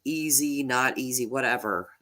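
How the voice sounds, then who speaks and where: A true crime YouTuber on a livestream speaks with an extremely low pitch and a bright, forceful tone. She's casual but emotional, halting and repeating words, and slightly nasal from holding back tears.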